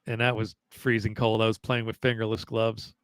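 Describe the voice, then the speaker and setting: A man's voice: fairly low pitch, little pitch movement, normal speed, clear, resonant tone, no echo. A man hosting a music show, chatting and joking over a video call. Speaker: show host. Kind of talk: casual chat.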